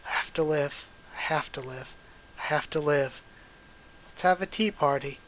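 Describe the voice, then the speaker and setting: Guy reading as guilt-ridden survivor, tired, quiet, resigned, bit high-pitched. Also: moderate pace, slight background noise, close to an everyday voice, poor audio. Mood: grieving. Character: grieving adult male survivor, weary, guilt-ridden.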